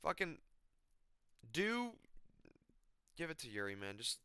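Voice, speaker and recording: A man's voice: a little high, big pitch swings, takes it slowly, bright, forceful tone, smooth, no room sound. A young man on his own channel, ranting about a fight in an exasperated, swearing way and repeating himself. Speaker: MMA commentator. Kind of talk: emotional rant. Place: his apartment.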